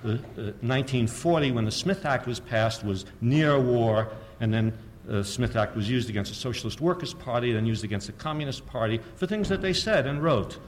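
A man's voice: mid-range voice, normal speed, few pauses, a little hiss or hum. An older man giving a public lecture, telling a story with sardonic humor and rhetorical questions to the audience.

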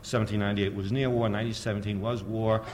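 A man's voice: lowish voice, fairly even intonation, fast, a little mellow, slight background noise. An older man giving a public lecture, telling a story with sardonic humor and rhetorical questions to the audience.

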